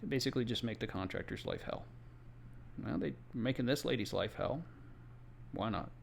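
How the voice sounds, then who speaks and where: Gravelly-voiced man telling a work story. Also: medium pitch, normal speed, a little hiss or hum. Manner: conversational, with exasperated asides. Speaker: home inspector. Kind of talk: casual first-person storytelling. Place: Florida.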